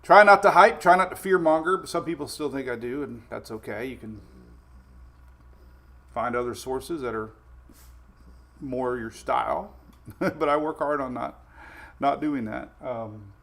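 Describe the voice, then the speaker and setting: A man's voice: medium pitch, unhurried, vocal fry, pauses often, fairly bright tone. A man hosting a casual weather livestream from home, chatty and laughing often while his dogs run around.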